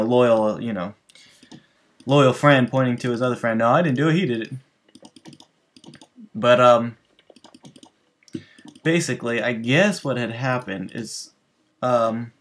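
Guy chatting over a game, mid pitch, rambly, keeps restarting sentences and talking to viewers. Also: a bit bright. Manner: rambling, loose, full of restarts and asides to viewers. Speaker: gaming channel host. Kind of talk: casual storytelling over gameplay.

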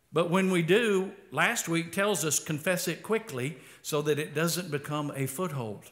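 A man with an Arkansas twang preaches a sermon in a plain, chatty way. His voice sits somewhat high for a man, and it climbs louder and higher when he drives a point home. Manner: conversational, repeats words when starting phrases; rises in pitch and volume for emphasis. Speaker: pastor.

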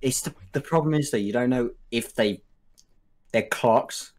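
A man's voice: medium pitch, unhurried, a little mellow. A young man from England, a guest in a casual chat, easygoing and using street slang.

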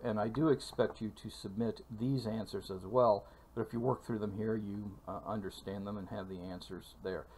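A man teaching a calculus lecture for video, speaking in a measured way with frequent fillers and pauses. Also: lowish voice, husky. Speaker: math lecturer.

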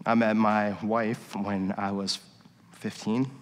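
A middle-aged man, a worship pastor, preaching a sermon and telling personal stories, dropping to quiet confession and rising to emphatic points. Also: fairly low pitch, level tone, slow pace. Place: church sanctuary. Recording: long reverb of a church hall.

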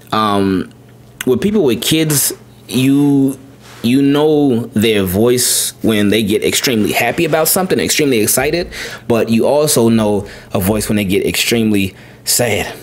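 Casual lowish-voiced man telling a story. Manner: rambling, repeats words, animated when quoting his son. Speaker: podcast host.

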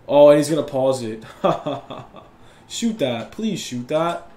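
A young man calls a basketball video game live, fired up and griping at his opponent. His voice sits a little high and rings in an echoey room. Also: lively intonation, moderate pace, a little hiss or hum. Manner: competitive, yells and complains at opponent. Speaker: gaming YouTuber. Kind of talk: live gameplay commentary.

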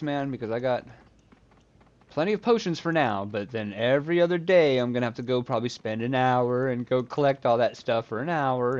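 Male game streamer, casual, rambling, swears a lot, thinks out loud. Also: mid-range voice, highs cut off. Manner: rambling, swears freely, talks to himself. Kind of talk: casual gameplay commentary.

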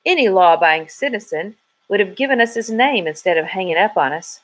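A woman's voice: mid-range voice, animated, fairly quick, fairly bright tone, a little hiss or hum, lightly acted. A woman voicing a blunt, commanding male state trooper.

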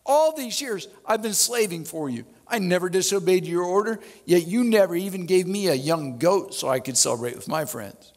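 A man voicing a resentful older brother, complaining and indignant, with his voice pushed high. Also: expressive, normal speed, hardly any pauses, a little mellow, big-room sound. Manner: complaining, raised and pleading.

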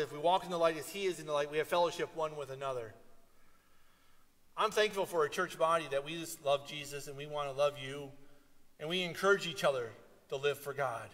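A male pastor preaching an animated sermon, telling stories and breaking into loud, emphatic calls to his congregation. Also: on the high side, brisk, big-room sound. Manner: animated storytelling with sudden loud emphatic exhortations. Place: church sanctuary.

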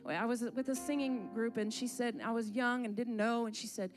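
Fervent high-voiced woman worship leader. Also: fairly even intonation, normal speed, faint music behind. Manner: fervent, leads the congregation in laughter. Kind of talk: church exhortation. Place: church sanctuary.

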